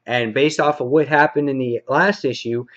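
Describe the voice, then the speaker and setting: A man reviewing comic books in a casual, rambling way, full of fillers and excited retelling. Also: medium pitch, moderate pace, dull audio. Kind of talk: casual review and plot recap.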